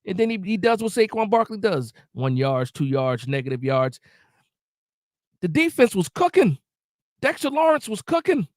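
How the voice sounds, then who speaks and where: A man's voice: high-pitched, very animated, normal speed, darkish tone, no room sound, clean studio sound. A man hosting a live post-game reaction stream, ranting emotionally and repeating himself while following the chat. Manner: reads and answers live chat.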